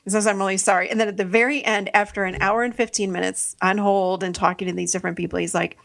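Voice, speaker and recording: A woman's voice: mid-range voice, steady tone, fast talker, creaky, fairly bright tone. A middle-aged woman hosting a podcast, telling a story casually, laughing often and acting out her own lines. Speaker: podcast host.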